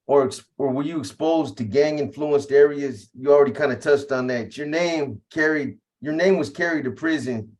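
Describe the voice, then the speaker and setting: Man asking halting interview questions. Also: mid-range voice, a little mellow. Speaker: interview host.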